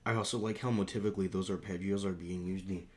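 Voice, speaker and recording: A man reacting to a song and explaining music terms, counting beats aloud and singing snippets in a rough morning voice. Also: deep voice, steady tone, fast. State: morning voice, rough on high notes. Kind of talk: casual reaction and music analysis.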